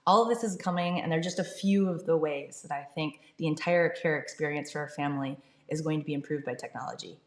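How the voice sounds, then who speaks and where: Middle-aged woman founder, upbeat and earnest, lowish voice, roomy echo. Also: quick pace, hardly any pauses. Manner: earnest, upbeat, fluent with fillers. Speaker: startup founder, guest. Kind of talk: conversational interview. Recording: echoey room.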